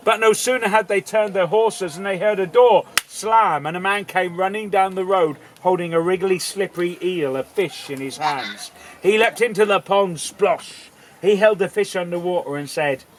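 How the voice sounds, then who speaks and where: A man's voice: high-pitched, moderate pace, a little hiss or hum, poor audio. A man telling a folk tale live to an audience, playful, theatrical and full of asides. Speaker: storyteller. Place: outdoor festival audience.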